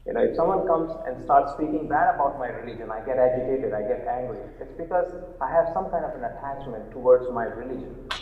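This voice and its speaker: A young man on a panel, talking earnestly and telling stories, with fillers and restarts. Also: mid-range voice. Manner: earnest, story-driven, halting with fillers. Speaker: panel speaker on Jainism. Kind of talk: storytelling panel talk. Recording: echoey hall heard through a tinny phone-like line.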